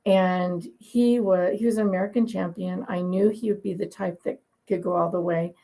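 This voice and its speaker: A woman dog breeder shares anecdotes in a relaxed, opinionated interview, her lowish voice gravelly, husky, and grainy-rough. She's chatty, moves at a moderate pace, and laughs easily while telling her stories. Audio quality is poor.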